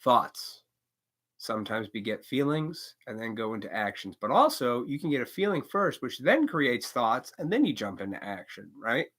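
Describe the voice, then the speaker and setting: A man's voice: mid-range voice, sing-song, moderate pace, a bit bright. A man hosting a live stream, rambling casually with profanity and chuckles, now and then acting out quoted voices.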